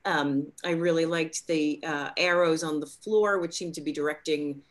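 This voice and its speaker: Female interviewer, deep voice, thoughtful and descriptive, casual. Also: steady tone, normal speed. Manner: thoughtful, descriptive, a few fillers. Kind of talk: casual conversation.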